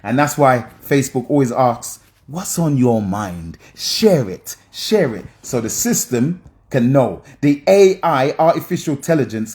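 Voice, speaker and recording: A man's voice: medium pitch, darkish tone. A man commenting on film scenes for his audience, emphatic and preacher-like, often checking in with "yeah?".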